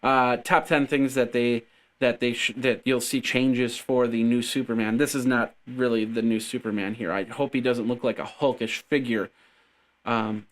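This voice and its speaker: A man hosting a casual tech news show, rambling and joking as he stumbles over his words. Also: medium pitch. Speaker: podcast host.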